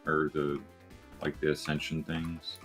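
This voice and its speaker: A man with an extremely deep, flat voice chatting casually during a gaming session. He talks in a relaxed, drawn-out way with lots of fillers, and faint game music plays in the background. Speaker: fellow gamer. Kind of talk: casual chat while gaming.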